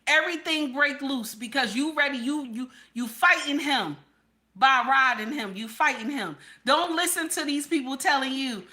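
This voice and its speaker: A woman's voice: sits high, animated, moderate pace, sharp tone. A woman hosting a livestream, talking bluntly to her chat and often checking in with "okay?". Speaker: livestream host. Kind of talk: candid livestream talk to chat.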